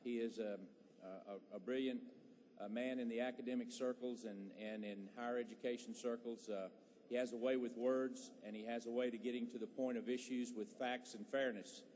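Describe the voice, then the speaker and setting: A man's voice: medium pitch, steady tone, moderate pace, a little mellow. A male legislator gives a hesitant tribute speech full of fillers on the floor of a large chamber. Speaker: state legislator. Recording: faint noise, long hall reverb.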